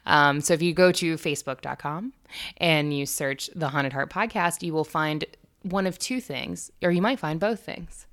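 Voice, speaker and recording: A young American woman with a low voice and a bright, forceful edge, co-hosting a podcast. She talks loosely and casually, jokes crudely and swears freely. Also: moderate pace. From United States. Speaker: podcast co-host. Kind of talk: casual chat.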